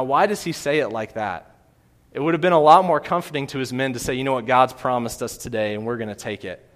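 A man preaching a sermon, earnest and emphatic, often repeating phrases for weight. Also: medium pitch. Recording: long reverb of a large hall.

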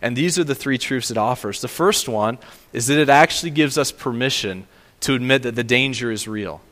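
An earnest male pastor delivers a sermon with emphatic, repeated phrases. His mid-pitched voice carries a long hall reverb. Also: fairly quick, sharp tone. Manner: earnest, emphatic preaching with repetition.

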